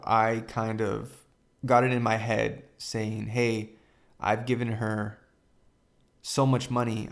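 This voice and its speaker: A young man hosting a podcast, retelling a painful family story in a halting way, full of fillers and quoted dialogue. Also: fairly low pitch. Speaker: podcast host. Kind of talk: personal storytelling.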